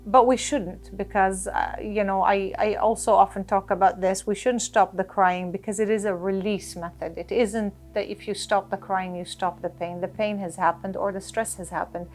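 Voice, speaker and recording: Woman, life coach as interview guest, earnest and animated, mid-pitched, soft music under. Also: normal speed, few pauses. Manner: earnest, animated, advice-giving with acted-out examples. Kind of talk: conversational interview.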